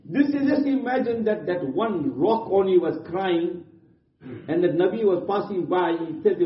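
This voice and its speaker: A man's voice: high voice, expressive, normal speed. A man preaching a sermon earnestly, repeating points in simple, non-native English phrasing. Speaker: Islamic preacher. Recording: distant, dull, echoey room.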